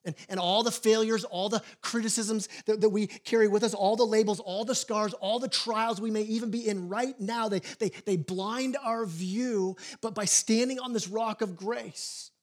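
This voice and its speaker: A man with a notably high voice delivers a sermon as pastor. He tells stories in an animated way, stumbles into quick restarts and acts out the quotes he uses. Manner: animated storytelling with acted quotes and repeated restarts.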